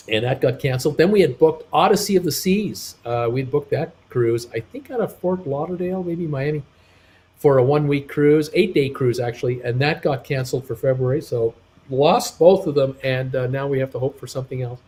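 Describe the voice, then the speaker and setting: A man's voice: medium pitch, fairly quick, warm tone. A man hosting a live travel stream, reading viewer comments aloud in a casual, hesitant way with many fillers, upbeat when asking for thumbs ups. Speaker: live show host reading chat.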